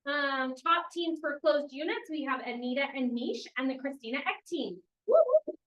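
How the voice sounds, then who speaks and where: Upbeat high-voiced woman announcing awards. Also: a bit bright, highs cut off. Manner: upbeat, cheers names with quick whoops. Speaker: meeting host announcing awards. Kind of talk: reading out award announcements at a team meeting.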